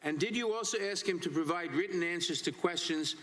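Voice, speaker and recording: A man chairing a hearing, asking measured, formal questions and reading out quotations. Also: high voice, a bit bright. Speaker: committee chairman. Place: hearing room.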